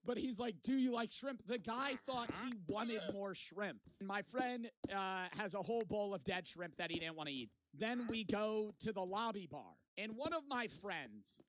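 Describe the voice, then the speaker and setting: A young vlogger with a high-pitched, slightly bright voice and lively intonation talks at normal speed with few pauses, over a little hiss or hum. He tells a long, rambling vacation story full of swearing, repeatedly tagging lines with "right?".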